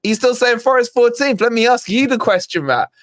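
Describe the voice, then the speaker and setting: A man co-hosting a casual live-stream football podcast, teasing and shouting out viewers from the chat. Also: very high-pitched, lively intonation, brisk, no echo.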